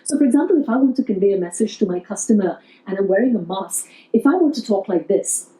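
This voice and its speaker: Warm-voiced woman coaching customer service. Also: mid-range voice, animated, fast, roomy sound, rough recording. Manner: earnest, coaching, demonstrates phrases in a friendly service tone. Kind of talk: instructional video talk.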